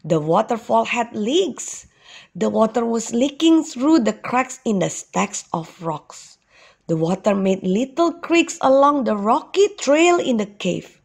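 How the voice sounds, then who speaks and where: A woman kindergarten teacher reads a children's story aloud. Her pace is very slow and her pitch moves expressively, while her voice carries a gravelly, slightly husky texture. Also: lively intonation.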